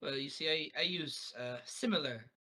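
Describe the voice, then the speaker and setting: A man's voice: on the high side, moderate pace, pushed and bright, rough recording. A man playing in a tabletop game, hesitant and rambling as he speaks in character. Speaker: player. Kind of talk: tabletop role-play chat.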